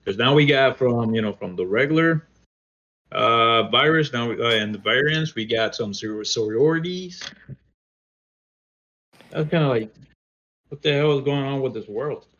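A man's voice: medium pitch, measured pace, pauses often, fairly bright tone. A man telling a childhood story in a casual chat, rambling with many fillers. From United States. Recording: dull lo-fi sound.

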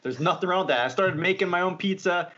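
A man's voice: high-pitched, quick pace, pushed and bright. Easygoing male host, lo-fi sound. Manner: easygoing, asks short questions. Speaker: podcast host. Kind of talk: casual interview.

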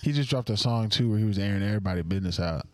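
A man's voice: lowish voice, very fast. A man co-hosting a casual podcast chat, joking and asking teasing questions. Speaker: podcast co-host.

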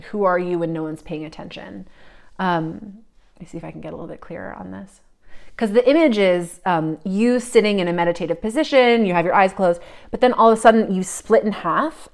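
Woman, psychic reading, lower voice, meandering, soft and reflective, lots of fillers. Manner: searching, meandering, full of fillers. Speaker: psychic reader.

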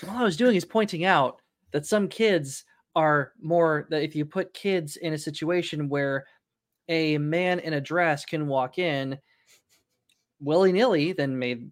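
A man's voice: a little high, unhurried, no echo, clean studio sound. A man hosting a casual podcast, rambling and laughing mid-sentence as he tells stories. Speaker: podcast host.

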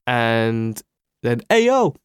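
A man's voice: medium pitch, sing-song, extremely slow, smooth, no room sound, clean studio sound. A man hosting a casual chat who steers the talk and retells scenes.

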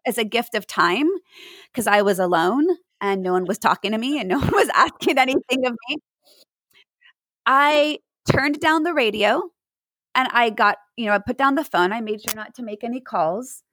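A woman's voice: fairly high pitch, fairly bright tone, no echo, poor audio. A woman giving mindfulness advice to parents in an interview, earnest and acting out examples as she explains.

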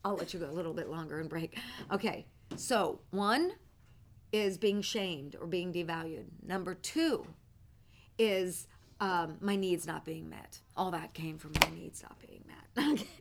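A woman teaching a ministry class, telling stories in an animated way and often breaking into laughter. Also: fairly low pitch, a little slow, vocal fry, slight background noise. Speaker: church teacher.

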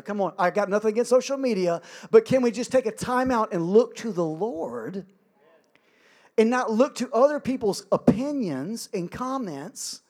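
High-voiced, humorous preacher. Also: male voice, moderate pace. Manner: energetic, humorous, self-deprecating. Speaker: pastor. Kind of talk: sermon.

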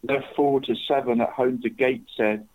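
Chatty bloke on a tinny line. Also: male voice, medium pitch, fairly even intonation, normal speed. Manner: chatty, rambling, says "mate" constantly. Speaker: podcast co-host, football tipster. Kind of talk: casual chat.

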